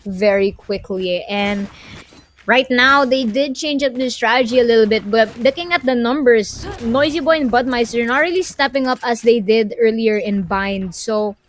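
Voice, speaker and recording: A woman casting an esports match live, calling the action play by play. She is excitable and quick to exclaim when a big play happens. A faint hiss sits behind her voice. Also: a little high. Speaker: esports caster.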